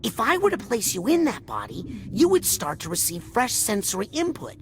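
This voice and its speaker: A woman's voice: mid-range voice, wildly swooping pitch, moderate pace, a little hiss or hum. A woman voicing a curious, earnest young boy psychic who asks questions and makes quips. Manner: inquisitive, quippy. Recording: game music playing behind.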